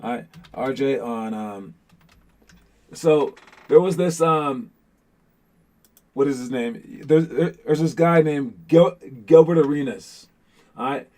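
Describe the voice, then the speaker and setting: A man in a medium pitch hosts a basketball show, talking loosely and directly to his viewers. He rambles, restarts his sentences and fills gaps with um and like. It sounds like relaxed, unscripted chat. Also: slow pace, long pauses. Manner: rambling, many restarts and fillers, addresses the audience as guys.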